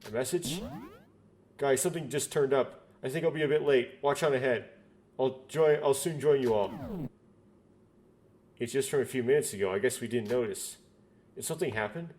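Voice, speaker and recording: A man's voice: medium pitch, moderate pace, long pauses, a little mellow. A man reading a visual novel aloud, doing every character's lines in his own voice, with stumbles and self-corrections.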